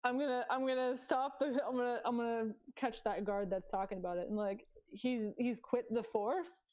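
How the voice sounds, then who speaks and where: A woman's voice: on the high side, steady tone, normal speed, a little mellow. A woman playing a tabletop game who reacts and talks casually. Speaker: player.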